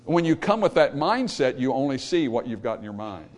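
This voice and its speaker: A man preaching a Baptist sermon, emphatic, swinging between loud peaks and low trailing endings, calling for amens from the congregation. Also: big pitch swings, a little fast. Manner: calls for amen from the congregation. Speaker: Baptist pastor.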